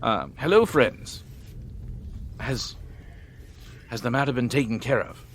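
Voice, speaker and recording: A man's voice: medium pitch, lively intonation, slow, voice pushed up. A man voicing a fussy, anxious town mayor who gushes and frets in formal phrases over faint hiss. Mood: flustered. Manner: flustered, gushing, formal.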